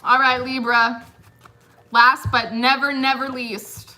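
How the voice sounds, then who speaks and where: A woman's voice: sits high, level tone, slow, pushed and bright, slight background noise. A young woman reading tarot in a casual, chatty way, giggling often and filling her talk with "like". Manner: chatty, giggly, uses lots of fillers. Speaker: tarot reader.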